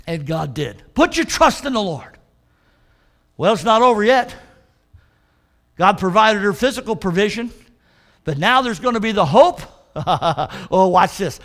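High-voiced baptist-style preacher guy, punchy, keeps asking the church to answer back, drags out bible verses slow. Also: expressive, fairly bright tone. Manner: emphatic, call-and-response with the congregation; slows right down to stress scripture. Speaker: pastor. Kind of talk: sermon.

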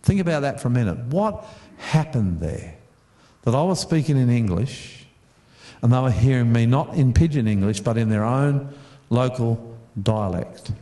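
A man's voice: medium pitch, moderate pace, dark tone, echoey room. A middle-aged Australian man preaching a sermon to a congregation, chatty, repeating words and putting questions to the audience. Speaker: pastor. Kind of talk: storytelling sermon.

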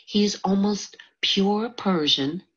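A woman voicing an impulsive twelve-year-old girl from the American South in a storybook reading. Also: slightly rough. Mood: earnest. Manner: eager, impulsive, higher and faster than the narration. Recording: dull lo-fi audiobook recording.

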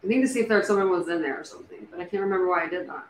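A woman hosting a casual livestream, thinking out loud with many fillers and restarts. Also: lowish voice, very fast. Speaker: true crime livestream host. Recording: echoey room with faint background noise.

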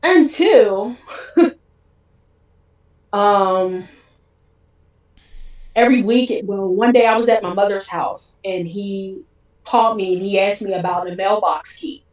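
A woman's voice: mid-range voice, fairly even intonation, moderate pace. A woman guest on an interview show, telling her personal story with feeling and acting out what others said. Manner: emotional, acts out quoted dialogue. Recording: roomy, distant, dull sound.

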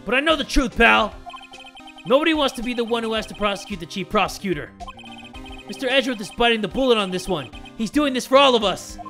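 A man's voice: very high voice, animated, fast, sharp tone, faint music behind, pitched above the performer's own voice, full character voice. Brief: man putting on a brash street-vendor woman who spills gossip, leaning in close. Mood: confiding.

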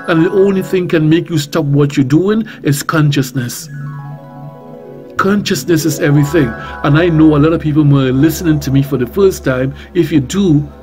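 A man with a Trinidadian accent preaching on talk radio in a somewhat high voice. He speaks boldly and emphatically, repeats phrases and asks one rhetorical question after another. Music plays clearly beneath him. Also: normal speed, dark tone. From Trinidad and Tobago. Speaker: reverend and radio talk host.

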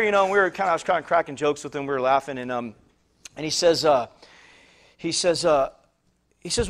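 A man with a high voice preaches to his congregation. He tells a personal story in a loose, rambling way, stumbling over repeated words and acting out the people he met. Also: fairly quick, long pauses, fairly bright tone. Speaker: pastor. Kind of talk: sermon storytelling.

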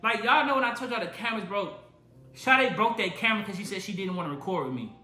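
Young male vlogger, dramatic deadpan storytelling, bright tone, roomy phone sound. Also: high-pitched, fast talker. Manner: dramatic mock-serious storytelling, addresses viewers as y'all. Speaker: YouTuber. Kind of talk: joking prank vlog.

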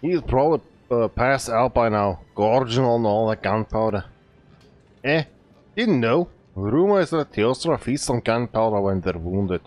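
A man putting on a loud fake Scottish blacksmith. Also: medium pitch, animated, unhurried, dry recording, lightly acted. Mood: boastful. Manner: loud, hearty, bantering.

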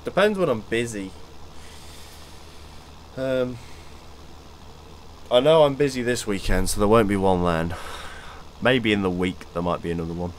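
Young man, lowish voice, rambling, swears freely, faint hiss. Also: a little slow, long pauses, rough recording. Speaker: gamer hosting voice chat. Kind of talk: casual chat.

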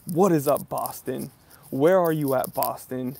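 A man's voice: medium pitch, a little slow, gravelly, a little mellow. A man from New England hosting a live stream outdoors outside a library, greeting viewers by name in an upbeat, casual way.

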